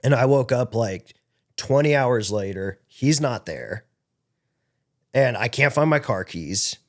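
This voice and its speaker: A man's voice: medium pitch, lively intonation, takes it slowly. A man guesting on a podcast, telling a long story in a rambling, casual way, with lots of filler words and swearing, on a studio microphone.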